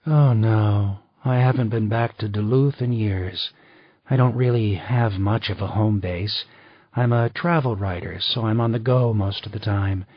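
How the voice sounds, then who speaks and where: Guy doing a chatty lady travel writer, a bit higher and husky, dull dry sound. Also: a little slow, dry recording. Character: poised female travel writer, chatty and smooth. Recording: slightly dull dry recording.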